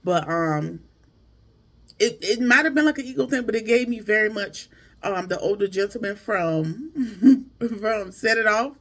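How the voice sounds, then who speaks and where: A high-pitched man with a gravelly edge talks through a TV episode like he's catching up with friends. His delivery is chatty and animated, full of slang and asides to his viewers. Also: measured pace. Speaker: TV show reviewer. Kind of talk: casual recap commentary.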